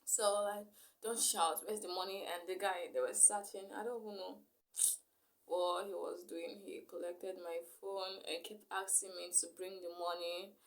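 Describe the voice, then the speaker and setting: A woman's voice: on the low side, little pitch movement, normal speed. Young woman telling a storytime vlog. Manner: rambling retelling full of "like" fillers. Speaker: vlogger.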